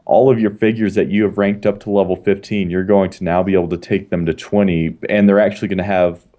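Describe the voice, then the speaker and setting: A man with a low, warm, mellow voice lays out details on a podcast. He talks steadily and plainly, pausing now and then on an uh. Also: flat delivery. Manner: informative, measured with some uhs. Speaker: podcast co-host. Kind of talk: casual chat.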